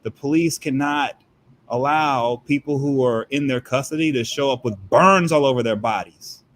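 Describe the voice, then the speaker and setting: A man's voice: mid-range voice, normal speed, a bit bright. A man talking as a guest commentator in heated political commentary, emphatic and firing off rhetorical questions.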